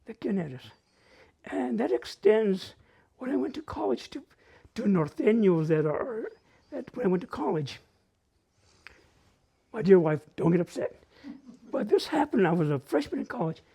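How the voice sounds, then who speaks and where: Male storyteller with a northern New Mexico accent, very husky mellow voice, lively and joking in delivery. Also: high-pitched, unhurried. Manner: animated and humorous, mixing Spanish phrases. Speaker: storyteller at a community open mic. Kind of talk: casual personal storytelling.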